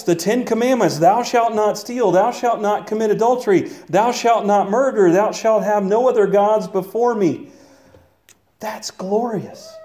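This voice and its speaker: High-voiced man preaching a sermon. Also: warm tone. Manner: earnest, rising into exclamations. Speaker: pastor.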